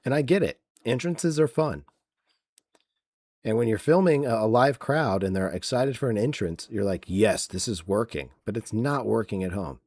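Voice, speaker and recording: Low-voiced man ranting casually. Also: animated, normal speed, a little mellow, no room sound, clean studio sound. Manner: ranting, sarcastic, many fillers. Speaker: podcast host. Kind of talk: casual wrestling podcast rant.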